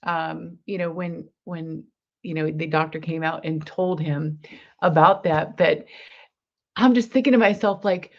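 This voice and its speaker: A woman's voice: low-pitched, steady tone, measured pace, vocal fry, a little mellow. A woman, a guest in an interview, telling a personal story earnestly and acting out the dialogue in it. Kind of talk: personal testimony in conversation. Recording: slightly dull lo-fi recording.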